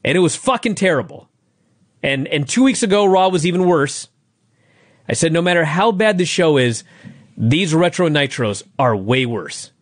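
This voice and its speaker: A man co-hosting a wrestling review podcast over a call, ranting with heavy profanity in casual chat. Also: a little high. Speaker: podcast co-host. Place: home, over Skype.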